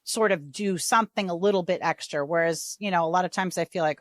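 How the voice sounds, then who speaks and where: A woman hosting a podcast in casual, chatty conversation, animated and quick to act out quoted voices. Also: on the low side, dry recording, clean studio sound. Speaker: podcast host. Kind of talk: casual chat.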